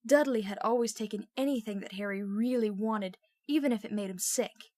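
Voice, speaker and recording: A woman's voice: medium pitch, brisk, dark tone, dry recording, studio quality. Woman reading a storybook aloud. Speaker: audiobook reader.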